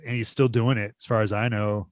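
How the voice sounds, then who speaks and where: A man's voice: lowish voice, fairly quick, no echo, studio quality. A man co-hosting a movie podcast in casual chat, enthusiastic and swearing freely. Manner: enthusiastic, swears freely, quotes people in animated voices. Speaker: podcast co-host.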